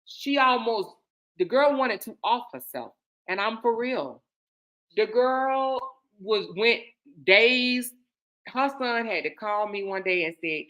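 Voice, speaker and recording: A woman host, casually telling a personal story in a candid, emphatic way, moving between hushed asides and loud stresses. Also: on the high side, lively intonation, slow.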